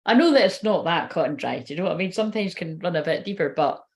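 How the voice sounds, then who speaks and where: A woman's voice: lowish voice, lively intonation, fast. A woman, a tarot reader and medium giving a casual, rambling live-stream reading and swearing now and then.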